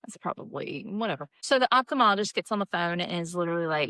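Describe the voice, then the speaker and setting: A woman's voice: quick pace, no echo, studio quality. A woman, a nurse practitioner telling emergency room stories in casual chat, acting out quoted people with big jumps in her voice. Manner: animated, acts out quotes with big pitch jumps.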